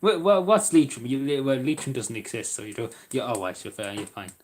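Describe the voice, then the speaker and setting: A man's voice: mid-range voice, fairly quick, darkish tone, slight background noise. A young Irish man chatting casually on a live stream, rambling with stumbling restarts and talking to viewers by name. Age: young adult. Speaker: live streamer reading chat.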